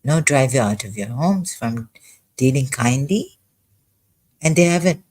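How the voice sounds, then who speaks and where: A man reads scripture aloud and comments on each verse in a slow, deliberate voice. He halts and restarts often, sounding agitated as he thinks aloud. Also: medium pitch, animated, a little mellow, rough recording. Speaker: ex-Muslim commentator.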